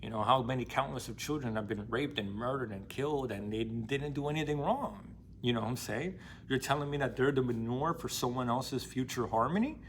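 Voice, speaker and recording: A man's voice: mid-range voice, brisk, slight background noise. Young man retelling a novel, slangy and blunt. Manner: slangy, profane, emphatic storytelling. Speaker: book discussion vlogger. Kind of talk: casual retelling and commentary.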